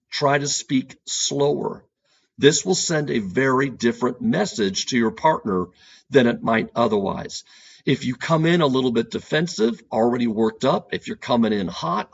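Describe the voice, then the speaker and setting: A man with a gravelly, slightly husky voice talks as a couples therapist on an educational podcast. He is earnest and circles back to repeat his key points. The recording sounds dull and lo-fi. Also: medium pitch.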